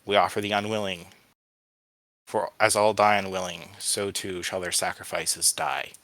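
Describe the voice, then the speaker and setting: A man voicing a cold older male cult leader who speaks in a smooth, solemn, ritual way in a read-aloud story. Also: low-pitched, flat delivery, normal speed, fairly bright tone, no echo, poor audio.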